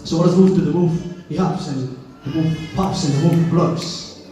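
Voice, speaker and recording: A man with a high voice preaches to a congregation, moving from storytelling into impassioned exhortation. He sounds distant from the microphone in a heavily echoing church hall. Music plays behind him. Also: steady tone, moderate pace, mellow. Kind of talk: sermon. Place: church sanctuary.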